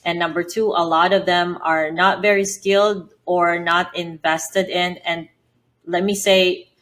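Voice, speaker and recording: A woman's voice: lowish voice, little pitch movement, measured pace, a bit bright. A woman from the Philippines with a Filipino accent, answering interview questions in an earnest, explanatory way with frequent fillers. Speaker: podcast guest, business founder.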